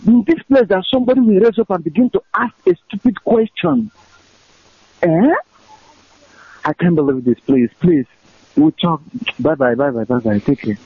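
A man's voice: sits high, normal speed, pauses often, breathy edge, no echo. Distraught man pleading down a phone line. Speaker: caller. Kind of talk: call-in radio.

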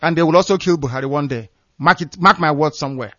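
A man's voice: fairly high pitch, quick pace, a bit bright, no room sound, dull audio. A man from Nigeria, delivering scornful, emphatic political commentary as a radio broadcaster. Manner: fiery, scornful, emphatic, repeats phrases for stress.

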